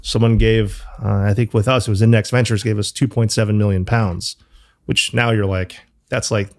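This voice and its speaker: A company founder talking loosely as an interview guest, full of fillers and the odd swear word. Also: male voice, on the low side, level tone, moderate pace, darkish tone. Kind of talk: casual interview talk.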